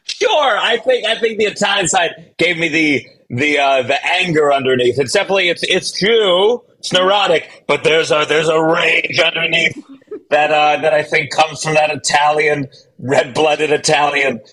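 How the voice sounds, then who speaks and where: A man who is a stand-up comedian, chatting as a guest in an interview, quick and self-deprecating with many restarts. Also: fairly high pitch, sharp tone, slight background noise, poor audio. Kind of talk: casual interview chat.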